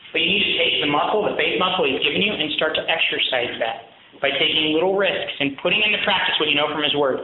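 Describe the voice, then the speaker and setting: A man's voice: on the high side, quick pace, slight background noise. A man giving a sermon as a pastor, talking in an earnest, conversational way and often checking in with listeners. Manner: conversational, earnest, frequent "right?" asides. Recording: very echoey, thin phone-like sound.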